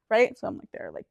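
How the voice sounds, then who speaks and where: A young woman co-hosting a podcast, telling a story in casual chat, acting out what everyone said and swearing freely. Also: dry recording. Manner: animated, acts out quotes, heavy swearing and "like". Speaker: podcast co-host.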